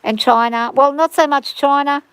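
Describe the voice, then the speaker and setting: A woman chats away on her farm livestream in an easy, rambling way, often restarting her sentences. Her voice sits a little on the high side for a woman. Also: steady tone, normal speed, fairly bright tone, no echo, poor audio. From Australia. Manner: chatty, rambling, frequent restarts. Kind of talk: casual rambling chat.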